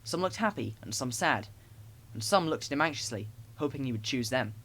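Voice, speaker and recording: A man narrating children's stories as an audiobook, in an expressive storytelling way. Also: medium pitch, a little fast.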